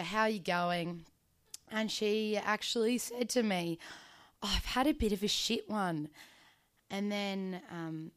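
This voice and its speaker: A woman's voice: fairly low pitch, vocal fry, fairly bright tone, clean tone. Rambling young woman telling a story. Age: 20s. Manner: rambling, casual, lots of ums and likes. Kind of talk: unscripted personal storytelling.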